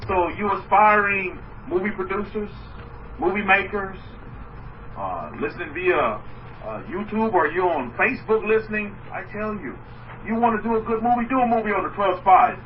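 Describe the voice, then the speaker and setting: A man preaching a sermon as a rabbi, animated, trading mock voices and asides with his listeners. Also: high-pitched, moderate pace. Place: room with listeners. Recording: muffled distant mic with faint noise.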